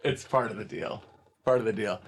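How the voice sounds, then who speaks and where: A man's voice: lowish voice, normal speed. A man co-hosting a podcast in casual chat, upbeat and chatty, keeping the tasting game moving. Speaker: podcast co-host.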